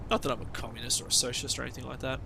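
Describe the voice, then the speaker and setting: A man's voice: medium pitch, flat delivery, racing, creaky, background noise. An Australian man chatting casually over his gameplay stream, rambling and swearing with sarcastic asides.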